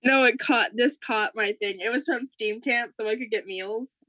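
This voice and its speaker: A young woman co-hosting a podcast in casual chat, excitable and chatty. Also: fairly high pitch, normal speed, no room sound, poor audio. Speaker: podcast co-host.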